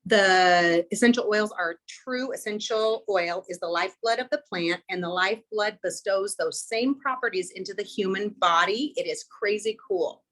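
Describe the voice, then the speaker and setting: A woman's voice: medium pitch, moderate pace, few pauses, fairly bright tone, low-quality recording. Earnest woman presenter reading aloud. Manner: reads passages and affirmations aloud from a book. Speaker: workshop presenter. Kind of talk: informal presentation to a small group.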